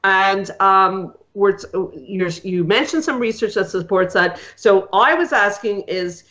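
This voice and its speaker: A woman's voice: medium pitch, animated, takes it slowly, fairly bright tone, muffled recording. A woman hosting a radio talk show, chatty and rambling with many fillers. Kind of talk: casual radio interview.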